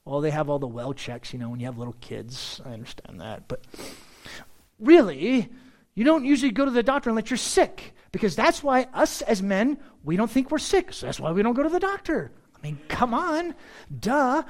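A man preaches to his congregation in an animated, chatty way, throwing in jokes and playful asides. His pitch roams widely as he talks, rising high for emphasis and dropping low for confiding remarks. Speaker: pastor. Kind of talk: sermon.

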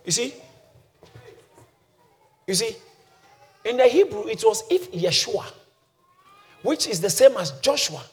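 A male pastor preaching a sermon, swinging from quiet teaching to shouted calls that the congregation answers. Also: high voice, big pitch swings, slow, pauses often. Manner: congregation shouts back responses.

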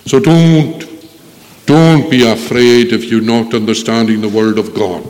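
A man's voice: on the low side, moderate pace, a little mellow. A man preaching a sermon with earnest pleading that swells and drops. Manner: earnest pleading, rising and falling. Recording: long echo of a hall.

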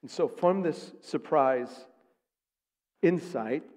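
A man's voice: a little high, slow pace, a little mellow. Emphatic male pastor in echoing sanctuary. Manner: emphatic, poses rhetorical questions to the congregation. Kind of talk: sermon. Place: church sanctuary. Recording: long reverb of a large sanctuary.

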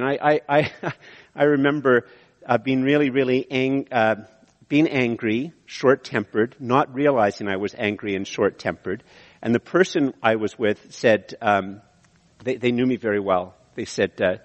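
Canadian pastor preaching in a reverberant hall. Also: male voice, mid-range voice, a little fast. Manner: animated, rising to emphatic peaks, frequent restarts and chuckles. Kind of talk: sermon.

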